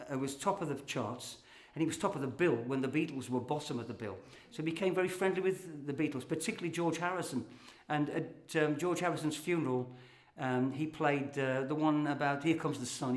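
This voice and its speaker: An older man from England with a Midlands accent, telling a chatty story and then reciting a rhyming comic poem to a live audience. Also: mid-range voice. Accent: English Midlands. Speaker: poet performer. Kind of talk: comic poetry performance. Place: small hall before a live audience. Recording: roomy hall sound.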